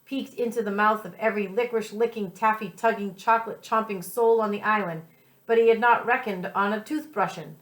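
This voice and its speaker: Expressive woman reading aloud to children. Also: mid-range voice, fairly quick, echoey room, rough recording. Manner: expressive reading with soft, friendly asides to the class. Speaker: second-grade teacher.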